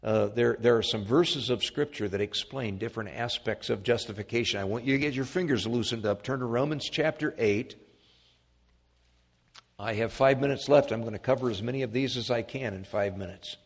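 A man preaching a sermon, emphatic, swinging from loud peaks to quiet asides. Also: brisk, creaky. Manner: emphatic, rising to loud peaks then dropping low. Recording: long hall reverb.

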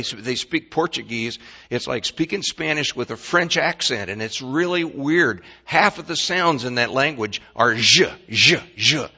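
A man's voice: mid-range voice, bright, forceful tone. Older man, pastor preaching, folksy, stammering restarts, muffled lo-fi recording. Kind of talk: sermon.

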